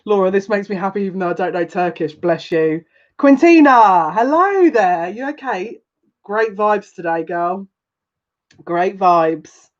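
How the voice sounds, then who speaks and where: A woman giving a live-streamed tarot reading, chatting with viewers, emotional and gushing, with excitable quick restarts. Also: fairly low pitch, highs cut off. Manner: emotional and gushing, easily moved. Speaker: psychic tarot reader.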